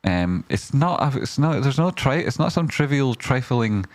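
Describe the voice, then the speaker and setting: A man's voice: mid-range voice, lively intonation, normal speed, few pauses, no echo. A man, commenting on stocks in a rambling, casual way with lots of fillers, breaking into sweary rants. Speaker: stock market streamer.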